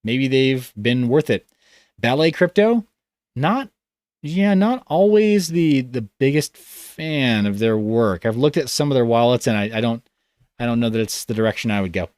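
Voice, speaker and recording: Sounding tired, a man hosting a livestream reads out comments loosely and rambles, often interrupting himself. His mid-range voice is darkish with lively intonation at a normal speed, and the studio recording is dry and clean.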